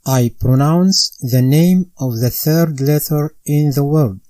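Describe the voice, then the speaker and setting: A man teaching Quran recitation step by step, in a deliberate instructional manner that repeats each sound twice for the learner. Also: fairly high pitch, warm tone, no echo, low-quality recording.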